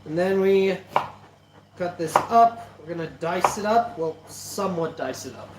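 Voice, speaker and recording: A man's voice: high voice, measured pace. A young man hosting a cooking livestream, rambling and joking with his chat while he preps food. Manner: rambling, jokey, talks to chat. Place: home kitchen. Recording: echoey kitchen with chopping noise.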